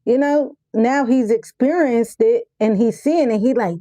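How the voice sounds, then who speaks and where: Dry, mellow woman reacting bluntly. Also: a little high, a little slow, few pauses, no room sound. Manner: blunt, talks back to the clip. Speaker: reaction host. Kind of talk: casual reaction commentary.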